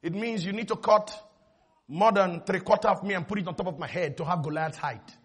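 A man preaching a sermon, often shouting and calling on the congregation to respond. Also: high-pitched, brisk, breathy edge. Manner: shouting, call-and-response exhortation.

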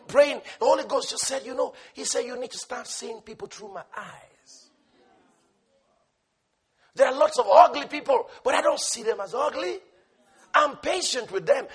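A male preacher with a very high, bright, husky voice delivers a fervent sermon. He swings between loud shouted peaks and quiet, hushed lines, often laughing as he talks.

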